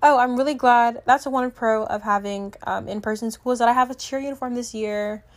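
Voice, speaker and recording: A teenage girl talks casually to her viewers, her voice sitting a bit high. She rambles, stacks up fillers and keeps breaking off to restart her thoughts. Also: a little fast. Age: teens. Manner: rambling, chatty, filler-heavy with lots of "like"; self-correcting, trails off and restarts. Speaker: vlogger. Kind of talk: casual chat to camera.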